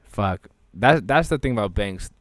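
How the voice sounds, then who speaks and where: Low-voiced cursing male podcast co-host. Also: normal speed, no room sound, clean studio sound. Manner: swears constantly, animated storyteller who acts out voices. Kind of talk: casual chat.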